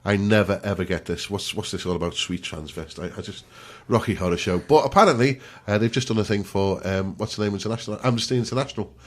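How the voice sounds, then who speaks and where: A man's voice: lowish voice, quick pace, few pauses. A man hosting a radio show in a breezy, joking way, talking straight to listeners. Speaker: radio host. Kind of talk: chatty radio presenting.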